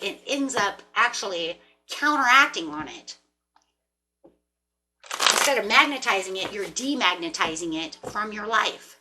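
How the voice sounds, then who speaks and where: A woman doing a collective tarot reading, talking in a casual, rambling way and breaking into animated asides. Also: mid-range voice, noisy background. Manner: rambling, animated, talks to herself with laughs and mock voices. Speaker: tarot reader. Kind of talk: casual spiritual talk to camera.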